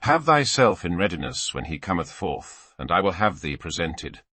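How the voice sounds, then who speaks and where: A man voicing a stately older male earl who speaks in measured, formal old-fashioned phrases. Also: deep voice, very animated, sharp tone, no room sound, exaggerated voice. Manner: measured, formal archaic speech.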